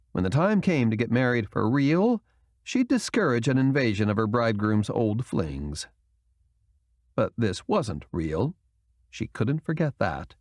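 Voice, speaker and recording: A man's voice: mid-range voice, no echo. Man narrating expressively, dry sound. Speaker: audiobook narrator. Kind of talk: scripted narration.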